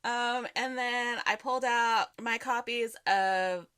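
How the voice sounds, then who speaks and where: High, bright-voiced excited young woman. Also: takes it slowly, clear, resonant tone. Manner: excited, giggly storytelling with acted quotes. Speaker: podcast co-host. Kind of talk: casual chat.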